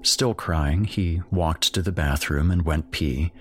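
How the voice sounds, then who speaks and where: A man narrating a scripted horror story in a steady, measured way. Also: low-pitched, a little hiss or hum.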